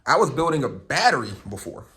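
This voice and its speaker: Animated young man ranting. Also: medium pitch, a little fast. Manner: animated, profane, rambling storyteller. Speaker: vlogger. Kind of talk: casual rambling rant to camera.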